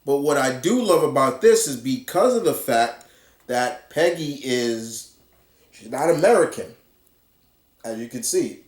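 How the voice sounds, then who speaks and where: A man casually reviewing a comic book, rambling with lots of fillers and restarts. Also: medium pitch. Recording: roomy echo.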